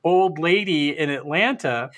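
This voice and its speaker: A man's voice: fairly high pitch, a little slow. A man co-hosting a podcast, telling a rambling anecdote with many restarts. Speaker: podcast co-host. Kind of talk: casual storytelling.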